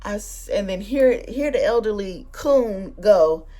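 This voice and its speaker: A young woman hosts her own channel and spins a story in loose, slangy everyday talk. Her voice sits in a plain middle register. Faint music plays quietly underneath. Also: medium pitch, unhurried. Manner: animated, slangy, conversational storytelling. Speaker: booktuber vlog host. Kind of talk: casual storytime chat.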